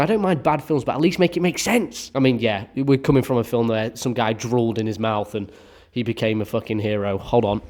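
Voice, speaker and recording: A man's voice: on the high side, darkish tone. A young man giving a casual, exasperated film review full of swearing and sarcasm.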